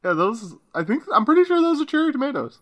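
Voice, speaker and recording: A man casually riffing with friends over a movie, jokey and animated, swinging up high for bits. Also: quick pace.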